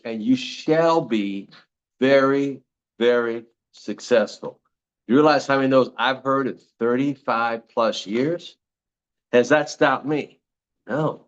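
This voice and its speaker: A man's voice: mid-range voice, lo-fi sound. Emphatic older man, motivational talk. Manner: repetitive, preachy, emphatic slogans. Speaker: network marketing speaker.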